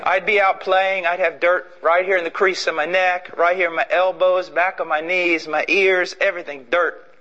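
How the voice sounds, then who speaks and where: Fiery high-voiced preacher man. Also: flat delivery, moderate pace, dull audio. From Illinois, USA. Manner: impassioned, swings between shouting and low intensity. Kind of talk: fiery sermon.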